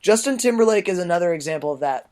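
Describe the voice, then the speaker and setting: A man with a fairly high voice talks through his take on a film. He is loose and rambling, swears easily, and sounds like a relaxed podcast co-host in casual chat. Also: quick pace. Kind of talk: casual movie review chat.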